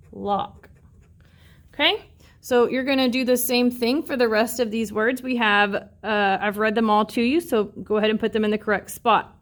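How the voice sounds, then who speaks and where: Woman teacher, slightly high voice, patient, slowly sounds out syllables for young learners. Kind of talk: classroom phonics lesson.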